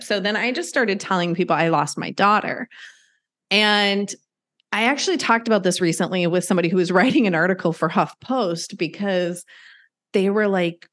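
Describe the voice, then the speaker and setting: A woman's voice: medium pitch, fairly quick, fairly bright tone. A middle-aged woman telling a personal story in candid conversation, earnest and emphatic, acting out what people said. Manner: earnest, emphatic, acts out quotes. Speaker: guest sharing pet loss story.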